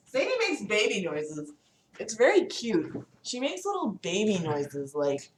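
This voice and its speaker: A woman's voice: mid-range voice, wildly swooping pitch, a little slow, echoey room, a little hiss or hum. A young woman hosting a casual livestream from her city apartment, rambling and giggling, with lots of "like". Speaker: livestream host.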